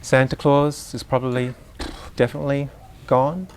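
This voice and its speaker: A man speaking on Waldorf education gives an informal, in-person talk to a group of parents, explaining through examples and tossing asides and questions to the room. His ordinary-pitched voice moves little in pitch at a moderate pace, with slight background noise.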